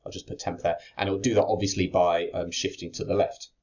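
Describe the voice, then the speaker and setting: Low-voiced man teaching an exam lesson. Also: steady tone, fairly quick, darkish tone. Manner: explains step by step while writing, with fillers and restarts. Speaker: chemistry teacher. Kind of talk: exam-prep lesson walking through a worked answer. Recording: slightly dull lo-fi audio.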